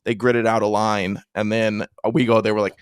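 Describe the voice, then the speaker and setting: A man's voice: on the low side, little pitch movement, normal speed, smooth, dry recording. A young man co-hosting a sports podcast, chatting casually and teasing his co-host with dry banter. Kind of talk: casual chat.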